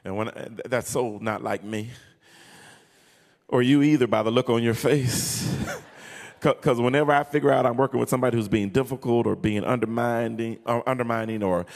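A man preaching a sermon in an animated, humorous, sing-song way. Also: mid-range voice, gravelly. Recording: long hall reverb.

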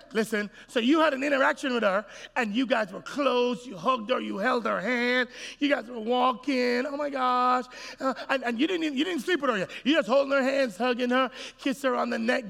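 A male pastor preaching with emphatic, repetitive, animated delivery in a church. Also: very high-pitched, a little fast, gravelly, hardly any pauses, a little hiss or hum. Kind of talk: sermon. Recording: echoey hall.

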